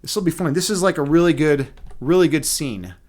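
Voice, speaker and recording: Male streamer in his thirties, slightly high pitch, loose profane storyteller, casual chat with viewers. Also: brisk. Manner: rambling, profane, laughs at own stories; many restarts and fillers, animated storytelling. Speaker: live stream host.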